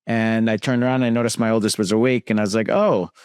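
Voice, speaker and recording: A man's voice: lowish voice, flat delivery, very fast, darkish tone, clear, resonant tone, no room sound, clean studio sound. A man hosting a podcast interview, talking casually with many fillers and restarts. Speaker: podcast host.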